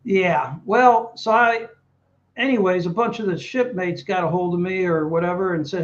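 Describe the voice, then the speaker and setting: A middle-aged Navy veteran tells a story casually in an interview, animatedly quoting other people along the way. His voice sits high at normal speed, and the recording's highs are cut off.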